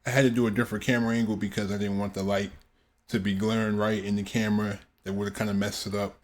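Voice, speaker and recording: A man's voice: fairly low pitch, level tone, quick pace. A man hosting a YouTube reaction video, chatting in a laid-back, casual way. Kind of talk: casual vlog intro.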